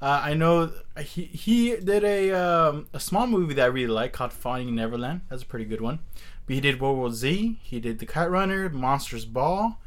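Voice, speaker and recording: A man hosting a casual movie podcast, relaxed and asking questions, with hesitant fillers. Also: a little high, normal speed. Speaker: podcast host.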